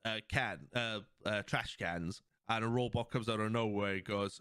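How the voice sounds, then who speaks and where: A man's voice: lowish voice, fairly even intonation, normal speed, hardly any pauses, a bit bright, clean tone, no room sound, clean studio sound. A man hosting a podcast, chatting casually, rambling through episode scenes with lots of restarts and some swearing. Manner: rambling, recounts scenes with quoted lines, swears; many fillers and restarts, laughs along. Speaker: podcast host. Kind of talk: casual chat.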